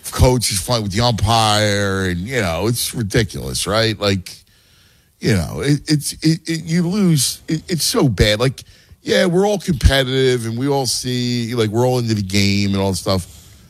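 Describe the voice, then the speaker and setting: A man's voice: fairly low pitch, normal speed, no echo. A man who coaches youth baseball and has a son, chatting casually and explaining game strategy with many restarts. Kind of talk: casual podcast chat.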